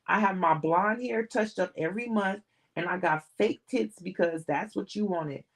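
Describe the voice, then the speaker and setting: A woman's voice: medium pitch, normal speed, creaky, lightly acted, low-quality recording. A woman reading as a blunt, fed-up young singer. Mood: weary. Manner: blunt and challenging.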